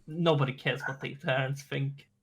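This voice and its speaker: A man's voice: medium pitch, steady tone, moderate pace, breathy edge. A man playing a tabletop role-playing game, talking in a flippant, mock-panicked way. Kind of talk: casual in-character table talk.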